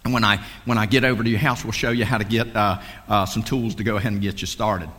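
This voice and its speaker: A man's voice: on the low side, fairly even intonation, quick pace, pushed and bright. A man giving a fervent, folksy sales pep talk at a meeting, repeating himself and preaching. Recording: long hall reverb.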